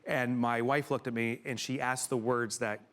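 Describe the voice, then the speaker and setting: A middle-aged man giving a keynote to a live audience in a room, telling a personal story with emotion and sudden loud exclamations. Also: medium pitch, steady tone, normal speed. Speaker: keynote speaker.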